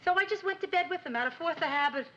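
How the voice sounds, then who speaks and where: An actress playing a wisecracking woman friend who talks on the phone with quick sarcastic quips. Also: extremely high pitch. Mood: teasing. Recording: lo-fi 1970s sitcom audio, loud noise.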